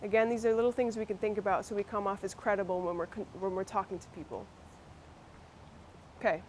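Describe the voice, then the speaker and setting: A woman with a Massachusetts accent teaches a workshop group in a loose, conversational way, restarting sentences as she goes. Her voice sits at a middling pitch. A faint room noise runs underneath. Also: fairly even intonation, quick pace, darkish tone. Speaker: workshop presenter. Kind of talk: instructional workshop talk.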